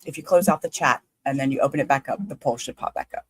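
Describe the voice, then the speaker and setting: A woman, hosting a livestream in a chatty, halting, excitable way. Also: rumbling low, slightly rough, low-quality recording. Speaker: livestream host. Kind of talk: casual livestream chat.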